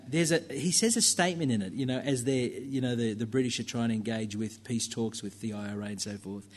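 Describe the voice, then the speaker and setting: A man preaching a sermon in a church, talking conversationally with fillers and asides to the congregation. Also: mid-range voice.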